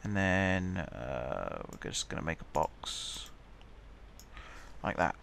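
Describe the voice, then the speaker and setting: A man talks through his game in a casual, half-muttered way, as if thinking aloud. His voice sits a bit low. Faint background noise and mouse clicks sit behind him. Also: sing-song, takes it slowly, creaky, fairly bright tone. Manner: chatty, muttering to himself while building. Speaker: gaming channel host.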